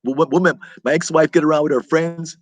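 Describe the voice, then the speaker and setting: A man's voice: fairly high pitch, fairly even intonation, quick pace, dry recording. A man hosting a casual live-stream chat, rambling and reacting aloud to viewer comments. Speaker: vlog host reading live chat.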